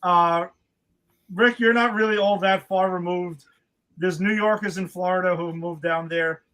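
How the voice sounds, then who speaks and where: A man's voice: high voice, steady tone, normal speed, sharp tone, clean tone, low-quality recording. A man, co-hosting a casual movie podcast and talking bluntly with plenty of swearing. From New York. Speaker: podcast co-host.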